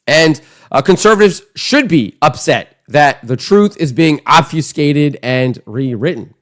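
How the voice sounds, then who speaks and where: A man's voice: fairly high pitch, animated, moderate pace. A man hosting an online political commentary show, talking in a scornful, emphatic, conversational way.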